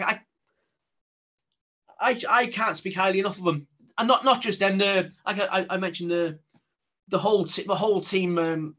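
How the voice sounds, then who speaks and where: A man's voice: sits high, bright, forceful tone. A man, a guest telling stories in casual chat, full of restarts. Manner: chatty storyteller with many restarts. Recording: dull lo-fi sound.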